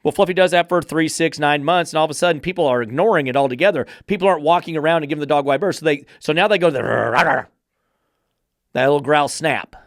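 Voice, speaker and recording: Male podcast host, dog trainer. Fired-up, sarcastic rant, slightly high voice, dry sound. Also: quick pace, no room sound. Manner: swears freely.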